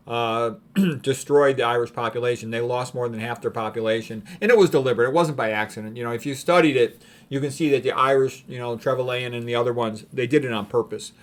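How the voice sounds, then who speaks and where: A man giving rambling, opinionated commentary on paintings, clearing his throat often between thoughts. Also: mid-range voice, fast. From United States. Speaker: art commentator.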